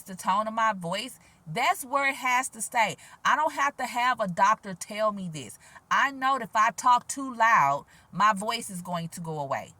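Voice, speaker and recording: A woman vlogging outdoors in a quiet, gentle voice, talking casually with sass and frequent laughs. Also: fairly high pitch, dry recording. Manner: animated, sassy, laughs often, soft-spoken. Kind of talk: casual spiritual vlog monologue.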